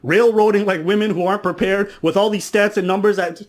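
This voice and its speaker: A man's voice: sits high, fairly even intonation, brisk. A man ranting on a podcast, mocking and telling stories while acting out other people's lines. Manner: mocking, acts out quotes, storytelling. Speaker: podcast commentator. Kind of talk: casual podcast rant.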